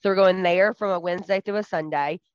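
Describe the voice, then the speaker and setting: A woman's voice: on the low side, fast talker, clean tone, no echo. A woman co-hosting a podcast, chatting casually and teasing her co-host. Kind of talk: casual chat. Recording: dull lo-fi sound.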